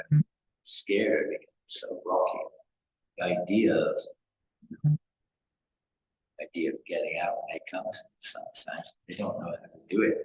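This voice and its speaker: A man from England giving a devotional talk as a spiritual teacher, rambling through stories and repeating phrases for emphasis. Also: deep voice. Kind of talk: devotional discourse. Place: temple hall. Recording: echoey hall with faint noise.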